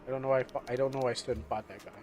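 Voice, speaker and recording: A man's voice: mid-range voice, flat delivery, racing, over music. A man streaming a game live, chatting casually and rambling as he loses his train of thought. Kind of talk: casual live gameplay commentary.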